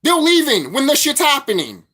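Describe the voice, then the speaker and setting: A man's voice: very high-pitched, huge pitch swings, normal speed, sharp tone. Guy ranting on his vlog about spiritual stuff, swears constantly, repeats himself, voice jumps all over. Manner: profane, repetitive, preachy. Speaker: vlogger. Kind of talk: spiritual rant monologue.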